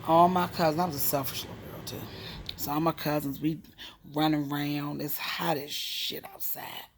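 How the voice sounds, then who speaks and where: A woman from Maryland casually telling a personal story, animated and frank with profanity, often dropping into a hushed whisper. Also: sits low, normal speed, a little hiss or hum. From Maryland, USA.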